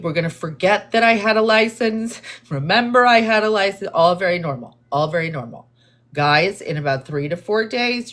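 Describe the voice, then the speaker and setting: A woman talking slowly and deliberately to her livestream viewers, in a calm, measured tone that she says viewers hear as condescending. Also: medium pitch. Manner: deliberate, therapist-like, calm and explanatory. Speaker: livestream host responding to chat. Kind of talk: slow, measured live-stream talk to viewers.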